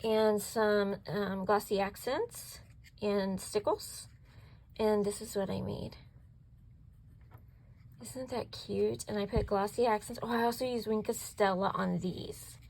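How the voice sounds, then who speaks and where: In a poor-quality recording, a craft channel host walks through her projects one step at a time. Her mid-range voice is steady, slow, creaky and a little mellow, and she keeps gushing and asking whether each piece is cute.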